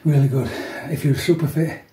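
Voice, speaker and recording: A man's voice: fairly high pitch, fairly even intonation, a little fast. A man in his fifties, chatting casually through a home workout and tacking "yeah" onto his lines, keeping his voice down at home. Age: 50s. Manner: chatty, keeps adding "yeah", talks softly to avoid waking people. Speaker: fitness vlogger. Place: room at home. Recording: echoey room, mic at a distance.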